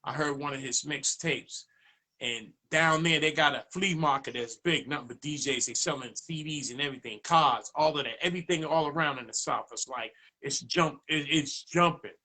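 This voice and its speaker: A man tells stories as a DJ guest in a relaxed interview. His voice sits a bit high and bright, and it jumps up when he plays out other people's lines. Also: moderate pace. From Boston, USA. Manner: animated, acts out dialogue in raised voice. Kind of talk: casual storytelling interview.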